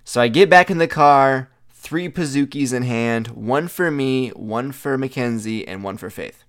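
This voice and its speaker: Young man, mid-pitch, smooth clear voice, animated chatty storyteller. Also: measured pace. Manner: animated, chatty, filler-heavy with "like". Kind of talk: casual storytelling monologue.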